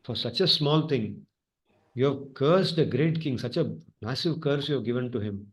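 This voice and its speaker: Man doing an old sage, scolding, reproachful, middle pitch. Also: lively intonation, moderate pace, close to an everyday voice. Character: old male sage scolding his son.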